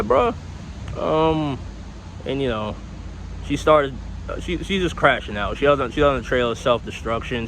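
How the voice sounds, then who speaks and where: A man's voice: mid-range voice, noisy background. A young man telling a personal story in a casual storytime vlog, rambling, candid and profane.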